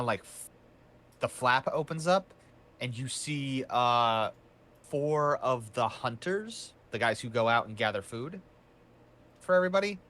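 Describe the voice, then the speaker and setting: A man's voice: medium pitch, pushed and bright. A man narrating as game master of a tabletop game in a loose, meandering way.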